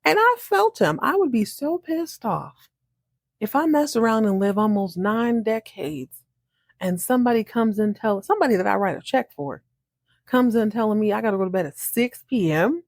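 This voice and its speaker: A woman hosting a podcast, recapping a TV episode in an animated, chatty way, acting out the characters' lines and laughing often. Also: mid-range voice, moderate pace, no echo, studio quality. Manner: animated, acts out characters' lines in shifting voices. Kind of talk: casual recap monologue.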